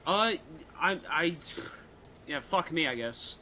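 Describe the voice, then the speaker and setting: A man's voice: a little high, lively intonation, slow, sharp tone, slight background noise, low-quality recording. A man playing in a tabletop game, hesitant and stammering, swearing freely. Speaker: player. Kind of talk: casual tabletop play.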